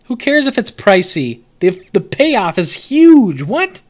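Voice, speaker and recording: A young man streaming live as he reviews a card set. His talk is loose and lively, full of jokes and swearing, and he answers viewers in chat as he goes. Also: high-pitched, slow. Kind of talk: casual live-stream commentary.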